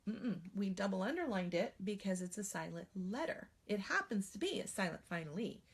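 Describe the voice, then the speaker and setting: A woman's voice: medium pitch, animated, normal speed, slightly rough. A woman working as a spelling trainer, giving a patient, explanatory teaching demonstration.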